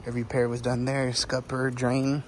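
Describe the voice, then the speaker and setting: A young roofer, who works as a roofing salesman and foreman, walks rooftops outdoors in a casual vlog, loosely explaining what he sees and at times getting out of breath. His mid-range voice is completely flat at normal speed, in a low-quality recording with outdoor noise behind it.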